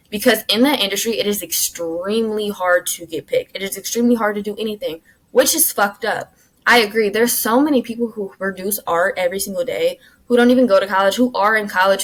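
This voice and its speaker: A young woman talks straight into her own podcast mic, blunt and full of swearing. She builds into dramatic rants, then slips into quiet, muttered asides. Her voice sits in a middle pitch for a woman. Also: low-quality recording. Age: young adult. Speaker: podcast host. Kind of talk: casual solo podcast chat.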